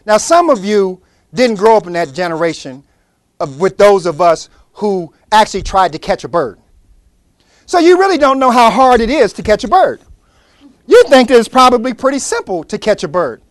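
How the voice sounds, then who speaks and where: Man presenting, high voice, really animated storytelling, dry close sound. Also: moderate pace, dry recording.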